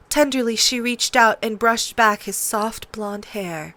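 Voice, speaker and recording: A woman reading a fantasy novel aloud as an audiobook, with dramatic, expressive storytelling. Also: medium pitch, unhurried, few pauses, dry recording. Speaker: audiobook reader.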